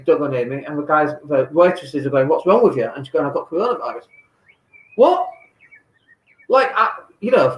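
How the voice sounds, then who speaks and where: Ranting man in an echoey room. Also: fairly high pitch. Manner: exasperated, ranting, blunt. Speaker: vlogger. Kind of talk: casual lockdown vlog rant. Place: home in Spain.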